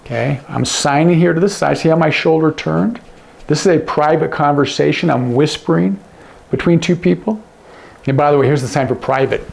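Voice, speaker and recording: Gravelly male sign language teacher. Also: a little high, normal speed. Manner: demonstrative, drops to a hush on example words. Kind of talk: explaining lesson to camera.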